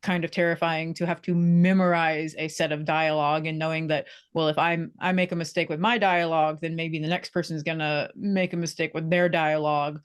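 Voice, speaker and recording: Chatty young woman, slightly low voice. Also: level tone, clear, resonant tone. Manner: chatty, self-deprecating, with quick restarts. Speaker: theater performer being interviewed. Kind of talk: casual interview.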